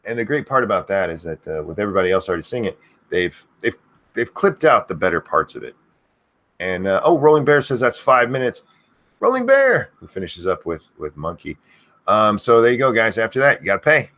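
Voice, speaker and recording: A middle-aged man rambles through a casual live-stream chat, swearing often and breaking into high, shouted greetings of viewers' names. His speaking voice sits low but swings widely in pitch. The tone is bright and forceful. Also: animated, a little fast. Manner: crude, swearing.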